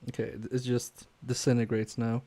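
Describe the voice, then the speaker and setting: A man's voice: mid-range voice, level tone, normal speed. A man streaming live while repairing electronics, thinking aloud in a hesitant, self-questioning way, with many fillers and trailing-off sentences as he works. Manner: quietly focused, mutters while working.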